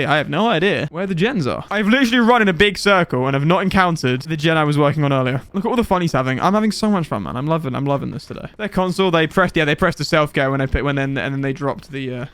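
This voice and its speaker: A young man commentating his live game stream in a high, bright voice. He rants in exasperation and his pitch swoops all over the place, jumping into sudden high outbursts.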